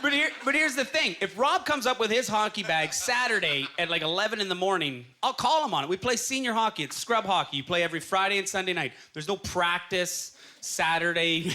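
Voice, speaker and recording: Audience laughter accompanies a bright, high-voiced Canadian man doing a stand-up set at a comedy club. His comedy is storytelling, with quoted voices acted out.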